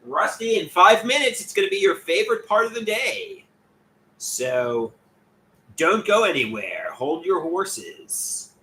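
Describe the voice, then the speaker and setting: A man's voice: high-pitched, sing-song, a little slow, sharp tone, slight background noise. A man hosting a casual livestream, rambling and chatty as he reads out viewer comments and greets them by name. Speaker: livestream host.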